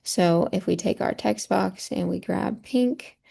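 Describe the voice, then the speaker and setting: A woman teacher walks through a poem on a shared screen, explaining patiently and checking in with a rhetorical "right?" Her medium-pitched voice is unhurried, gravelly, mellow, and husky.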